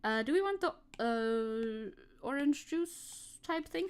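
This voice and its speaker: A woman streamer chatting casually as she paints. Her voice sits a little high, and her talk is playful and rambling, full of jokes at her own expense. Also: animated, slow pace, smooth. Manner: playful, rambling, self-joking. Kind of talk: casual live-stream chat.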